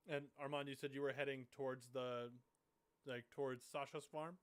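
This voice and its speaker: A man running a tabletop game as game master, narrating in a relaxed, slightly halting way. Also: mid-range voice, clear, resonant tone.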